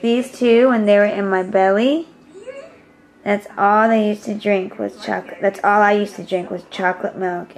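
A woman's voice: medium pitch, steady tone, normal speed, rough recording. A young woman hair stylist rambling through a casual vlog at home. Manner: rambling, chatty, slips into whispers.

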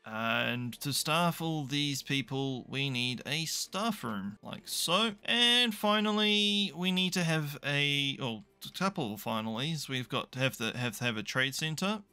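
A man's voice: a little high, animated, a little slow, few pauses, bright, forceful tone, clean tone, soft background music. A young man commentating a management game, chatty and thinking aloud with dry, self-mocking asides. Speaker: gaming YouTuber. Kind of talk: casual let's play commentary.

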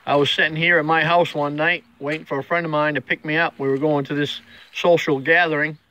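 A man's voice: a little high, little pitch movement, a little fast, sharp tone, a little hiss or hum. A middle-aged man hosting a daily motivational vlog, telling stories in a folksy, earnest way straight to the viewer. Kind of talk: casual inspirational storytelling.

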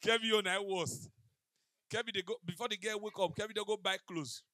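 A man's voice: high-pitched, a little fast, no room sound. A man doing stand-up comedy on stage, telling stories in pidgin and acting out the dialogue. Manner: animated storyteller mixing pidgin, acting out dialogue. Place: comedy stage before a live audience.

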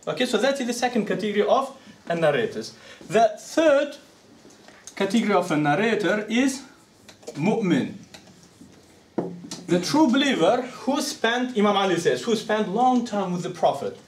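A man's voice: high voice, recorded from a distance, slight background noise. A man giving a religious lecture to an audience, speaking conversationally and often asking rhetorical questions. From Uzbekistan. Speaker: Islamic scholar lecturing. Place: lecture hall. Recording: echoey room, speaker away from the mic.

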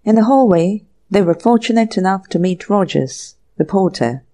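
Mellow woman narrating an audiobook. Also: medium pitch, lively intonation, normal speed. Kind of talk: scripted narration.

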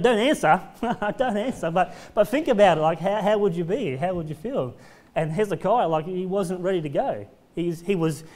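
High-voiced chatty pastor. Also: male voice, a little mellow. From Australia. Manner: casual and chatty, acts out voices of the people in the story. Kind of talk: conversational sermon with scripture reading. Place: church.

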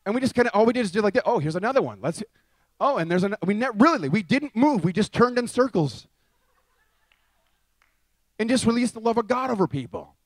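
High-voiced man telling a lively story. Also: fairly quick, long pauses, no room sound. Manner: lively, acts out both sides of conversations. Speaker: minister telling a testimony. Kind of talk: storytelling testimony.

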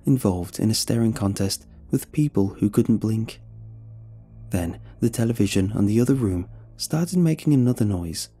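A man narrating a horror story in a measured, dramatic way. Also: on the low side, warm tone, husky.

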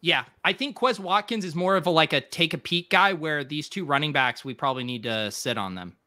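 A man hosting a casual podcast live draft, joking and animated. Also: a little high, brisk. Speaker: podcast host.

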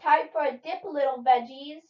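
A woman's voice: high voice, steady tone, normal speed, reverberant, voice pushed up, lightly acted. A woman voicing a small, sneaky villainous pea who taunts and shrieks, in a dull lo-fi recording. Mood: gleeful taunting.

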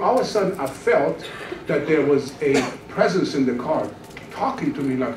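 A man in his thirties preaches his testimony with a lively, swooping delivery, sinking to a near-whisper for the dramatic beats. His voice sits a bit high for a man. It is picked up from a distance in an echoey church hall, with faint room sound behind. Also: moderate pace, a little hiss or hum. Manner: storytelling, acts out his own past voice with dramatic drops to a hush. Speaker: pastor. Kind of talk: testimony sermon. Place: church sanctuary.

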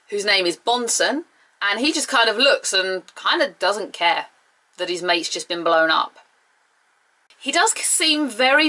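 A woman's voice: mid-range voice, pushed and bright. A woman giving a chatty, enthusiastic review of a TV episode, with playful asides.

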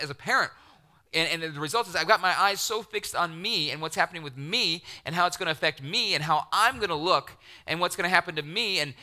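A middle-aged man preaching a sermon, animated, acting out the voices he quotes and dropping to near-whispers. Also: high voice. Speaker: pastor.

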